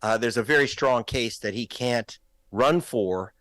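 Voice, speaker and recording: A man's voice: medium pitch, a little slow, fairly bright tone, dry recording. Emphatic man in a political talk show. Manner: emphatic, pointed, rising when stressing points. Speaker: guest, filmmaker.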